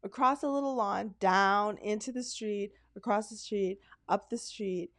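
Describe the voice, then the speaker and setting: A woman's voice: medium pitch, measured pace, no room sound, studio quality. A woman from Canada co-hosting a casual podcast, telling stories animatedly and acting out the quotes. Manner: animated storyteller, acts out quotes. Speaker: podcast co-host. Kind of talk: casual chat.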